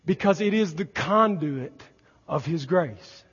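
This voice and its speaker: A man preaching a sermon as pastor, moving from quiet teaching to loud emphatic preaching. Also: a little high, expressive, slow pace, breathy edge. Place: church sanctuary. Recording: lo-fi recording in a reverberant church hall.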